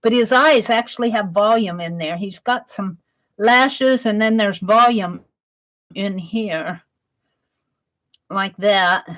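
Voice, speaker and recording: A woman's voice: mid-range voice, takes it slowly, long pauses, fairly bright tone, low-quality recording. A woman chatting on a live art stream, talking through her sketch and reading viewers' comments aloud. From Wisconsin. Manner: chatty, reads chat aloud while sketching.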